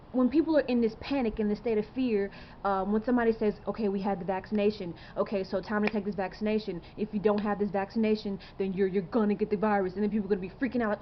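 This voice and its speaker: A woman's voice: on the high side, lo-fi sound, slight background noise. A woman in her twenties talking straight to camera in a rambling, earnest way, full of fillers and rhetorical questions. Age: 20s. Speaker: vlogger. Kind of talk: casual to-camera monologue.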